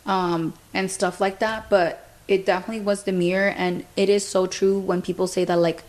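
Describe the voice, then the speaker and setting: A woman's voice: medium pitch, level tone, moderate pace, a little mellow. A young adult woman hosting a podcast, telling a story in a casual, chatty way and filling her speech with "like". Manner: chatty, fills speech with "like", retells events through quoted dialogue. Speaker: podcast host.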